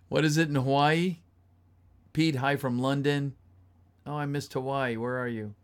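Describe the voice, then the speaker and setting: A fairly high-pitched man speaks with a steady tone, taking it slowly and pausing often. As a voice actor reading a script on his livestream, he casually greets viewers and reads their messages aloud, sounding a bit tired.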